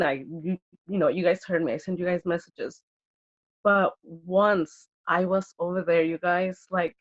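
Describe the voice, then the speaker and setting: A woman from Washington state sharing an emotional, halting testimonial full of fillers. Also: lowish voice, muffled recording. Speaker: conference attendee sharing.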